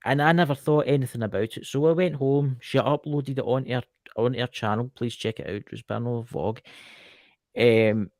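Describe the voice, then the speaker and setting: A man's voice: medium pitch, fairly quick, dry recording, clean studio sound. A man with a Scottish accent, a podcast guest telling a story in a chatty way, with many asides. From Scotland. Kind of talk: casual podcast chat.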